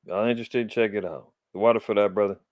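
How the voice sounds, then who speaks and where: A man's voice: fairly low pitch, fairly even intonation, quick pace, no room sound, lo-fi sound. A middle-aged man from Los Angeles hosting a religious commentary show, indignant and preacherly as he comments on the news and reads scripture with emphasis.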